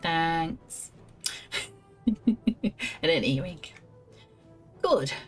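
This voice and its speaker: A woman's voice: deep voice, lively intonation, a little slow, faint music behind. A woman streaming a game, chatting casually and reading quest dialogue aloud with self-mocking asides. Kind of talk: casual gameplay commentary.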